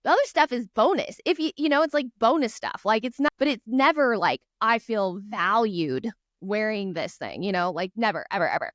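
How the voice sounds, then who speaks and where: A woman's voice: on the high side, expressive, fast, few pauses, dry recording, clean studio sound. A woman guest on a podcast, telling stories in an earnest, encouraging, chatty way. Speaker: guest author. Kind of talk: casual podcast chat.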